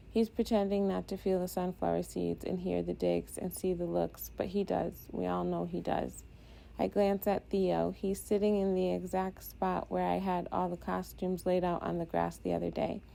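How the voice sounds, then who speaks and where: Gravelly, dark-voiced woman narrating. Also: fairly low pitch. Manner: steady, introspective reading. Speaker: audiobook narrator. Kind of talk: first-person audiobook narration.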